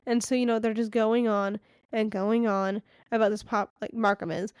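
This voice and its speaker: A woman's voice: a little high, level tone, moderate pace, a little mellow, clear, resonant tone, dry recording, studio quality. A woman co-hosting a podcast, retelling the story in chatty, filler-heavy casual talk. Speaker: podcast co-host. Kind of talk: casual book discussion chat.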